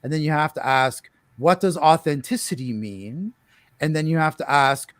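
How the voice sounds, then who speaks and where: Higher-voiced man posing rhetorical questions. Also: normal speed, no echo. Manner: discursive, builds points with rhetorical questions. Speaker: panelist. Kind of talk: panel discussion.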